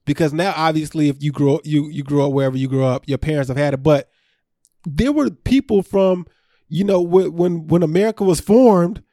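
Casual chatty man with a mellow voice. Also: a little high, moderate pace, no echo, studio quality. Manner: laughs often, loose and conversational. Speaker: podcast co-host recapping a reality show. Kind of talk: casual chat.

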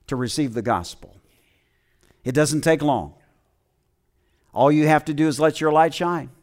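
A middle-aged man delivers a sermon in a slightly raised voice. He preaches casually, stumbling over fillers and drawing amens from the room. It's pastoral storytelling mixed with scripture. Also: fairly high pitch.

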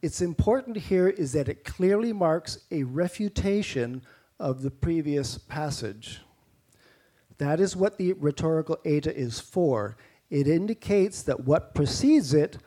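Canadian preacher with a mellow voice. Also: male voice, on the high side, lively intonation, measured pace. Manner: conversational, rhetorical questions, mock-incredulous asides. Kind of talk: sermon.

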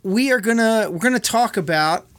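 A man's voice: sits high, lively intonation, normal speed, a bit bright. A man hosting a casual podcast, chatty, laughing often and restarting his sentences. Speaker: podcast host.

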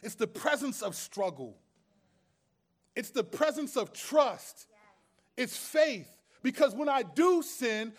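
A man preaching a sermon as pastor, conversational and streetwise, with humor and rhetorical questions. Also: very high voice.

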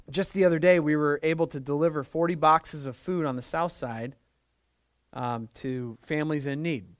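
A man's voice: fairly high pitch, no echo, clean studio sound. A middle-aged man preaching a sermon as pastor, telling a story and building to fervent emphasis. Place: church.

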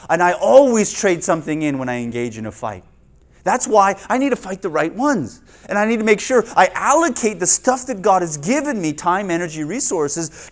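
A male pastor giving a conversational sermon, often checking in with the listeners with "right?" and swinging between louder and quieter delivery. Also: sits high.

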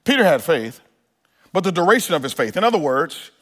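Pastor guy preaching, fairly high voice, earnest, keeps pushing up to big emphatic bits. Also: very animated, brisk, fairly bright tone. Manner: earnest preaching with rising emphasis and frequent restarts. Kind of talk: sermon.

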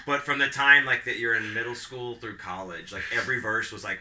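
A man's voice: medium pitch, fairly quick, hardly any pauses, noisy background. A man hosting a podcast, telling a wild story in casual chat with lots of swearing. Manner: profane, animated storyteller acting out voices. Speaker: podcast host.

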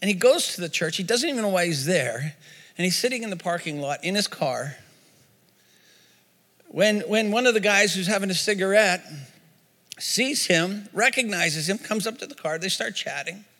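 A man's voice: sits high, animated, moderate pace, sharp tone, in a large hall. A man preaching a sermon as pastor, telling a story with quoted voices and repeated words, then leading a prayer.

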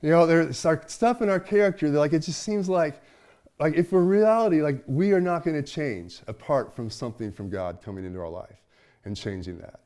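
Middle-aged male pastor, conversational sermon, shifts between emphatic and soft. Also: fairly high pitch, fairly quick. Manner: conversational, swings from loud to hushed.

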